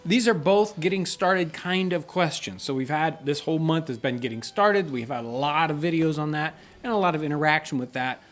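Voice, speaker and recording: A man's voice: a little high, a little fast, few pauses. A middle-aged man hosting a casual question-and-answer chat, explaining things earnestly and reading out viewer questions. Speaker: channel host.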